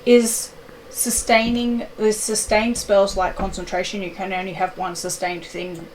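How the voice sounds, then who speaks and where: A woman's voice: medium pitch, level tone, a little slow, low-quality recording. Brief: female tabletop player, polite and careful, faint noise behind. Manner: polite, asks careful questions. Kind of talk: tabletop game chat.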